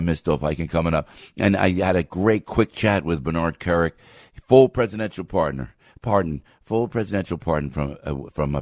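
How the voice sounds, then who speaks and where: Fired-up talk radio host, rambling. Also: male voice, no room sound, clean studio sound. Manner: fired-up, rambling, swings from loud outbursts to low asides. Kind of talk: opinionated talk radio monologue.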